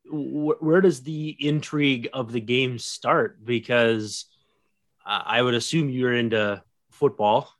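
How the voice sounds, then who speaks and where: A man hosting a podcast, talking relaxed and loose with lots of fillers and restarts. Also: mid-range voice, slow pace. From USA. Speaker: podcast host. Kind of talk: casual podcast chat.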